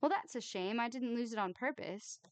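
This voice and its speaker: A reserved young woman with a dry, deadpan wit, answering flatly, read by a woman. Her voice is smooth and clear in a close, dry recording. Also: on the high side, moderate pace, no room sound, lightly acted.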